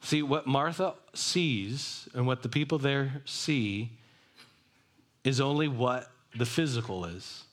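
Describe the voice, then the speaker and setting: A man's voice: medium pitch, slow. A man preaching a sermon, reading a passage aloud and explaining it in a conversational way. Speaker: pastor.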